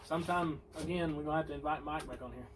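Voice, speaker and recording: A man's voice: fairly high pitch, fast talker. A man hosting a casual pipe-smoking chat, laid-back and folksy. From Tennessee. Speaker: host. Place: front porch, outdoors. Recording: distant mic with faint outdoor noise.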